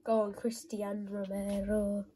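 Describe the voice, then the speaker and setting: A woman giving excitable commentary while playing a football video game, often shouting and squealing at the match. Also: medium pitch, a little slow, a little hiss or hum, rough recording. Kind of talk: gaming commentary.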